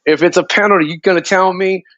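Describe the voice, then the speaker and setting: A man's voice: sits high, steady tone, fast talker, a bit bright, no room sound, dull audio. A male co-host in casual fan-show talk, laid-back, swearing and full of fillers.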